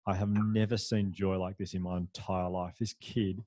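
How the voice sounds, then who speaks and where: A man, a podcast guest, telling a story in a lively, anecdotal way, with frequent restarts and fillers. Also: low-pitched, normal speed, dry recording. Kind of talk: storytelling in a conversational interview.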